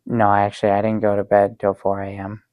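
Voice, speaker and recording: An actor playing a naive, dim-witted male sidekick who rambles earnestly with many halting ums in an improv comedy sketch. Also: on the low side, monotone, clear, resonant tone, no room sound, narrow, tinny audio, lightly acted. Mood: sheepish. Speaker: show regular.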